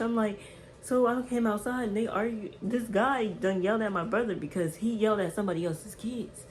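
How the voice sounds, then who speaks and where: A woman vlogger telling a casual storytime, animated and emphatic, with slang and repeated words. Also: low-pitched, a little hiss or hum, poor audio.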